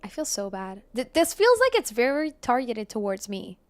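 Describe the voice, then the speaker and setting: With a sing-song, fairly high voice at normal speed, a woman streams a game and makes casual chat with viewers, laughing often and saying sorry a lot.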